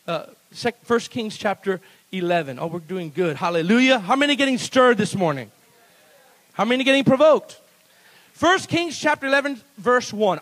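A man preaching a sermon as pastor at a church service, animated and playful, breaking into laughs between bold declarations. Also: sits high, normal speed, low-quality recording.

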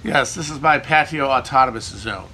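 A man's voice: mid-range voice, normal speed, pushed and bright, slight background noise. A man hosting a casual livestream, answering viewer questions in a rambling, irreverent, profane way. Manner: irreverent, profane, riffing, jokey. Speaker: livestream host answering chat.

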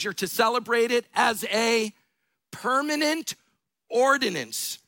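Man, middle-aged pastor, lively high voice, gravelly edge, dry close sound. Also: slow pace, no echo. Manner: animated storytelling with bursts of shouting and laughter. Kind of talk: sermon.

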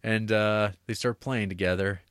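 A podcast co-host casually and animatedly retells a film's plot, cursing freely and slipping into quoted voices. His voice is fairly low and smooth at a moderate pace, in a dry, studio-quality recording.

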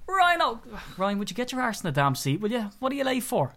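An excitable, jokey man co-hosting a casual podcast, nursing a cold. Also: very high voice. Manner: excitable, jokey, quick to tease. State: sick with a cold, coughing. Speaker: podcast co-host.

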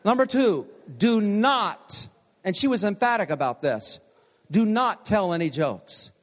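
A man in his sixties delivers a chapel sermon, mixing personal stories with gentle jokes at his own expense. His speaking voice sits fairly high for a man. The sound rings out with a long reverb from the large chapel around him. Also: animated, measured pace. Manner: storytelling, self-deprecating humor. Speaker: pastor.

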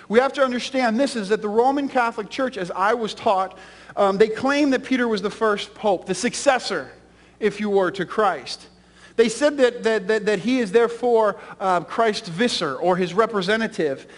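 A man's voice: high-pitched, big-room sound. A man pastor preaching a sermon with an emphatic, repetitive cadence in a church sanctuary.

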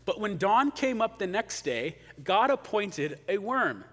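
Animated male preacher in a reverberant hall. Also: high voice, unhurried. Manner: conversational, animated, acts out quotes. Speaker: pastor. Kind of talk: sermon.

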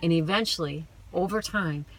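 A woman's voice: lowish voice, normal speed. A middle-aged woman giving an earnest, emphatic faith testimony as a guest speaker in a podcast conversation.

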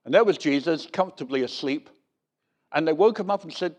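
A man's voice: fairly high pitch, a little fast. A man preaching a sermon, telling Bible stories in a storytelling manner and acting out the voices of the people in them. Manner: storytelling, animated, acts out voices in quotes.

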